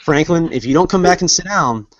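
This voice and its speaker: A man's voice: fairly high pitch, animated, a little fast. Teasing, rambling podcast man. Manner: joking, teasing, rambling with fillers. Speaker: podcast co-host. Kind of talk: casual banter among friends. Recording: dull lo-fi sound, dry.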